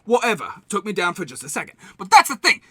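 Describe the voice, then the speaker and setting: A scheming old merchant, put on by a man, with a high, gravelly voice that leaps around wildly in pitch. He rambles, lurching from loud outbursts down to low muttering. His tone is bright and edgy, and the recording is dry and close. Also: wildly swooping pitch, fast, dry recording, full character voice. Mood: excited. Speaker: guest. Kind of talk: improvised comedy character interview.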